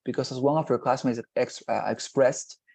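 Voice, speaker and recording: A man's voice: medium pitch, fairly even intonation, normal speed, gravelly, a little mellow. A man teaching an online exam-prep class over a video call, explaining at length and checking in with the students. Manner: explanatory, repeats "nonetheless" and "right?".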